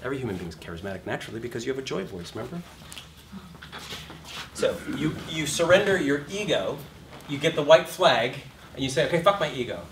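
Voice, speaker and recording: A man's voice: mid-range voice, expressive, fairly quick, long pauses, recorded from a distance, background noise. A man teaching an acting class, talking animatedly, swearing freely and acting out little scenes in put-on voices.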